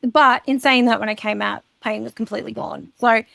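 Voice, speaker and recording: A woman talks through her own story on a podcast, candid and casual, with the odd curse. Her voice sits high and carries a gravelly edge. The sound is close and dry. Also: fairly even intonation, a little fast, fairly bright tone, no room sound. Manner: frank, casual, swears freely. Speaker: guest.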